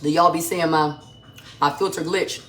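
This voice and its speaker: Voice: mid-range voice, fairly even intonation, moderate pace, fairly bright tone, slight background noise. A home cook hosting a live vegan cooking stream from a kitchen, chatting effusively with viewers while tasting food, sometimes with a full mouth. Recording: echoey kitchen with faint music.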